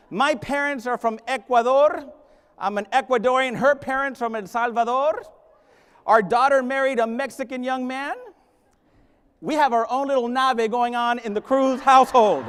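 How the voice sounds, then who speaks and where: A middle-aged high school principal delivers a humorous keynote in a large conference hall, joking directly with the audience and switching into Spanish. His voice is very high, fairly bright and clean, at a moderate pace, with the long reverb of the hall around it.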